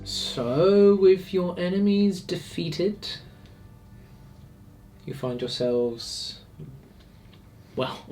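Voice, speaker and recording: A man runs a tabletop game as dungeon master, slowly laying out the scene with pauses and fillers. His voice sits at an ordinary middle pitch, and soft music plays faintly behind him. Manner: slow, deliberate descriptive narration with fillers.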